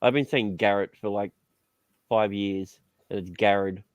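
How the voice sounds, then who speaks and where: A man's voice: on the low side, measured pace, no echo. A man on a podcast panel, talking bluntly and joking, with casual swearing.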